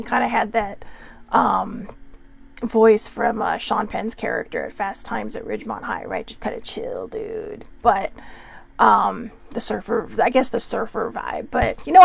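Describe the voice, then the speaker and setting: A woman's voice: a little high, gravelly, breathy edge. A woman hosting a casual self-care pep talk, chatty and often checking in with "right?". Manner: chatty, keeps asking "right?". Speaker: host.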